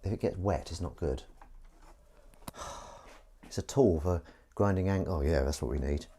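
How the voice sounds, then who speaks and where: A livestream host scrubs pans at his kitchen sink while chatting casually to viewers, grumbling and swearing. His voice is low, gravelly and warm at a moderate pace, with a little hiss or hum on the recording.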